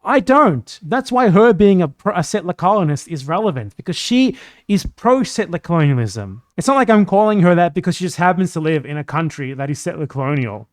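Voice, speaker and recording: A young man doing live-stream commentary, combative and heavy on profanity. His voice sits a bit high for a man, and he jumps between quick outbursts and lower, muttered asides. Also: big pitch swings. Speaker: political streamer.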